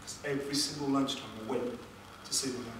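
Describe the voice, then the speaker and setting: A man, a motivational speaker telling an emotional personal story at a seminar, with dramatic pauses and questions to the audience. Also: medium pitch, steady tone. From England. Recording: echoey room, distant mic, background noise.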